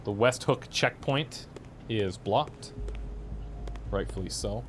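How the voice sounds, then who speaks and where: A man casually commenting on gameplay, animated and amused, with frequent chuckling asides. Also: fairly low pitch, takes it slowly, long pauses, slight background noise. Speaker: let's play host.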